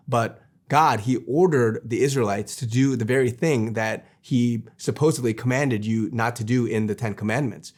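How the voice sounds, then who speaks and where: A man's voice: mid-range voice, darkish tone. A man giving an earnest Christian video sermon, repeating phrases and restarting sentences as he presses his point. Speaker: Christian preacher. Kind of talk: preachy video monologue.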